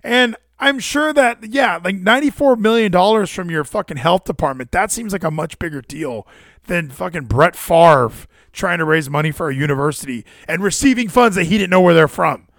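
A man with a high voice that swings up and down all over the place rants at his chat about a news story. He is profane and incredulous, and he speaks close to a dry microphone with no room sound. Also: expressive, fairly quick, fairly bright tone, no echo. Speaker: streamer reading news to chat. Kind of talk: casual ranting commentary.

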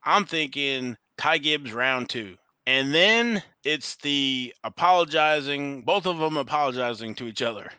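A man's voice: mid-range voice, lively intonation, measured pace, hardly any pauses, pushed and bright, smooth, no room sound. A man co-hosting a podcast, talking casually and rambling a little, correcting himself as he goes and laughing easily. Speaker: podcast co-host. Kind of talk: casual chat about racing and trading cards.

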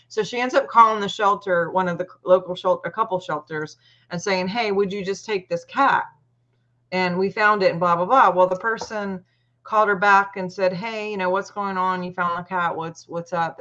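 A woman casually telling a long personal story in a chatty, animated way, acting out what people said. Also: on the low side. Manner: chatty, animated retelling with quoted voices. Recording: muffled lo-fi audio.

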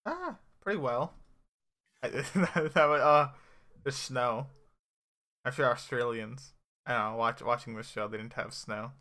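A man's voice: medium pitch, a little slow, pauses often, bright, forceful tone. A young man co-hosting a casual TV podcast, opinionated and dry, often trailing off at the ends of his sentences. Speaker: podcast co-host. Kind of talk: casual TV recap chat.

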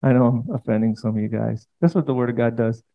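Male pastor, conversational sermon, provocative and teasing, mid pitch, muffled sound. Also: fast talker. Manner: provocative, conversational preaching with mocking asides.

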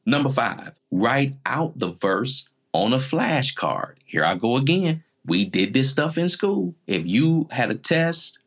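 A man's voice: mid-range voice, sing-song, slow pace, few pauses. A man in his forties preaching a teaching sermon in numbered points, emphatic and repetitive. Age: 40s.

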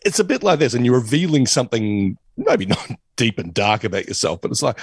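Male podcast co-host, husky voice, lively swings in pitch, dry close mic. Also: fairly quick, no echo. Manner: laughs often, tries impressions. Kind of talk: casual chat.

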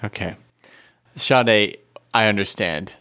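A playful man co-hosting a relaxed podcast conversation, teasing his partner and laughing easily. His voice sits on the lower side. He talks in an easy, conversational way. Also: slow, clean tone. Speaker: podcast co-host. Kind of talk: casual chat.

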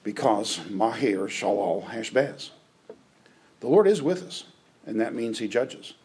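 A man's voice: fairly low pitch, lively intonation, a little slow, a little mellow, slightly rough, rough recording. A man preaching a conversational sermon, often checking in with his listeners. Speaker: pastor.

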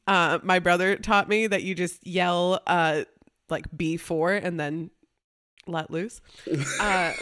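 A woman's voice: fairly low pitch, a bit bright. A woman hosts a casual podcast. She talks in a bubbly, chatty way and laughs easily. She is recorded over a remote call. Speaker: podcast host. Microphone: remote call mic.

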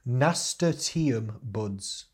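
Male co-host, casual chat, easygoing and giggly, mid-range voice, halting when he reads. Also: mid-range voice, animated, husky. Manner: chatty, laughs often, reads out a list haltingly.

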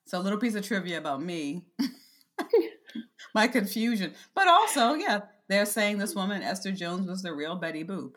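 A woman's voice: medium pitch, expressive, normal speed, a bit bright. A woman co-hosting a podcast in casual chat, telling stories in a wry way and laughing as she talks. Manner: wry, storytelling, laughs while talking. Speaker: podcast co-host.

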